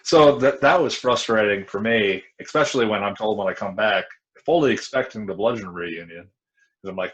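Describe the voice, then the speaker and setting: Deep-voiced man telling frank stories. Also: normal speed, a bit bright, poor audio. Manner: frank, rambling storytelling with many restarts. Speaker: interview guest, former pro wrestler. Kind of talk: casual interview talk.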